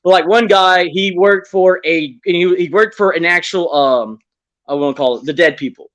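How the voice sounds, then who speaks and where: A man's voice: high voice, normal speed, a bit bright. A man on an online audio panel who beatboxes and then tells rambling, earnest stories. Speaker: panel guest. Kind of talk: beatboxing and casual chat.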